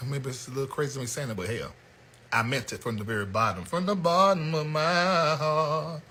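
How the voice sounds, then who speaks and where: An American man hosting a comedic commentary show, ranting bluntly with loud outbursts. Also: mid-range voice, a little fast. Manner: animated, blunt, yelling outbursts. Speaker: host.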